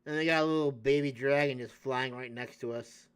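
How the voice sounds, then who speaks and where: A man's voice: mid-range voice, steady tone, a little fast, smooth. A male streamer giving casual, sarcastic commentary while playing a game. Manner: sarcastic, playful, jokey asides.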